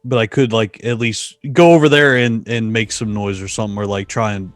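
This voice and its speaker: A man's voice: on the low side, fairly even intonation, fairly quick, dry recording, clean studio sound, faint music behind. Hesitant male player at a tabletop game, thinks aloud. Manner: hesitant, many restarts and fillers. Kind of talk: casual chat during a tabletop game.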